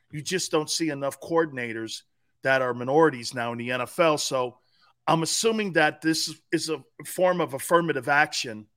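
A middle-aged man co-hosting a sports talk show, telling stories in a loose, profane way and often breaking into laughter. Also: on the high side. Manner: profane, laughing, animated retelling. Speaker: sports radio co-host. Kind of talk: casual storytelling chat.

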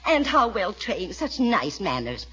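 A woman's voice: mid-range voice, very animated, unhurried, sharp tone, breathy edge, exaggerated voice. A gushing, fussy older mother. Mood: sugary. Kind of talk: 1940s radio acting. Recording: dull lo-fi old radio recording.

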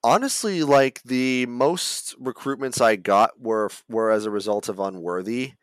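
A male voice actor chatting casually as a podcast guest, relaxed and rambling. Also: medium pitch, unhurried, dry recording. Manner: relaxed, rambling, full of fillers and restarts.

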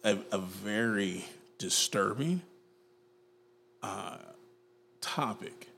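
Low-voiced man in casual talk. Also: very slow, creaky, slight background noise. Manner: animated, slips into playful put-on voices. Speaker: podcast co-host. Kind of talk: casual chat.

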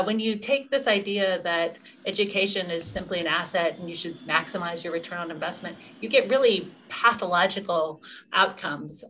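Woman, middle-aged, interview guest, bright clear tone, earnest, restarts. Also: medium pitch. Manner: earnest, quick, with fillers and restarts. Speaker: activist guest. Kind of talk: interview answers.

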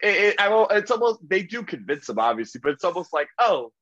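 A man's voice: sits high, big pitch swings, fairly bright tone, dry recording, lo-fi sound. A man chatting casually about a comic series, filling his speech with 'like'. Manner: quick, chatty, hedging with 'like'. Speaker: podcast co-host. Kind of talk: casual comic book discussion.

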